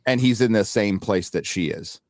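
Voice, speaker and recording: A man with a fairly low voice chats on a podcast, recorded close and dry with no room sound. He keeps up mocking, quick-witted banter with his co-hosts. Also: no echo. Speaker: podcast co-host. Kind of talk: casual reaction chat.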